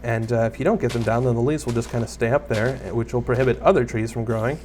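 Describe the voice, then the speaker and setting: A young man narrates a block-building game as a gaming YouTuber, his Let's Play commentary casual and meandering, full of self-mockery and chatter aimed at viewers and mobs. He speaks at a quick pace with a middle pitch, fairly even intonation, and a slightly mellow quality, over a faint ambient hum.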